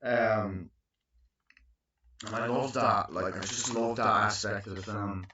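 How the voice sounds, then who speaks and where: A young man in his twenties recapping a movie in casual, profane chat, acting out lines in high voices. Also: fairly even intonation, slow pace, pushed and bright, slight background noise. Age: 20s. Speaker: movie reviewer. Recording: echoey, distant, muffled room recording.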